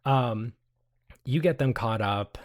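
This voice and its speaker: A man's voice: mid-range voice, takes it slowly. A young man narrating as game master in a casual, profane way. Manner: casual, profane, laughing asides.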